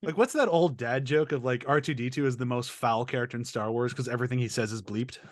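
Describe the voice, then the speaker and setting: A man's voice: mid-range voice, fast, no echo, clean studio sound. A man in his thirties hosting a casual podcast chat, joking and rambling, laughing often. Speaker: podcast host.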